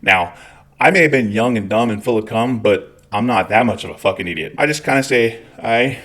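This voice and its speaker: A man's voice: fairly low pitch, lively intonation, fairly quick, fairly bright tone. A middle-aged man with a Scottish accent, telling a long profane story with wry asides as a channel host. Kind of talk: storytelling monologue.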